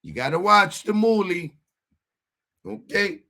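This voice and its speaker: A man's voice: high-pitched, expressive, vocal fry, pushed and bright, voice pushed up, heavily acted. A man putting on the voice of a tough Italian-American mobster, wheedling and drawing out a name. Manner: wheedling gangster talk, drawn-out name calling.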